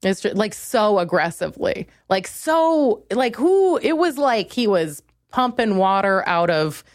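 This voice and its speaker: A woman's voice: very animated, unhurried, dry recording, clean studio sound. Crude, rambling young woman comedian. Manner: rambling, crude, self-deprecating, jumps into high exasperated rants. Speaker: comedian podcast host. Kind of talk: solo comedic monologue.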